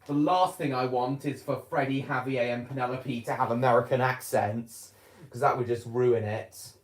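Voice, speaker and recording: A man's voice: mid-range voice, steady tone, normal speed. A man chatting casually on a home video, rambling and hesitant, with many fillers and restarts. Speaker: vlogger. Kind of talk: casual chat. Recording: roomy echo.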